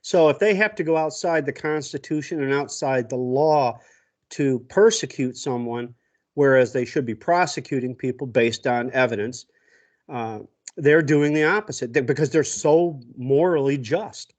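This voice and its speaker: A man's voice: mid-range voice, moderate pace. A man co-hosting a casual political chat, blunt and indignant, cursing freely. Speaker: co-host.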